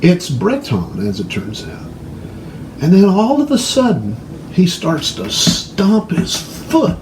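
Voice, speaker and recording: A man telling a long story in a casual, animated way, hosting his own show. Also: high voice, a little slow, echoey room, a little hiss or hum, low-quality recording.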